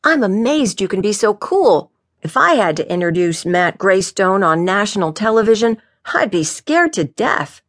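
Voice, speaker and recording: A woman's voice: medium pitch, sing-song, moderate pace, pitched above the performer's own voice. A woman doing a chipper young police officer. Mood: eager. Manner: chipper and teasing.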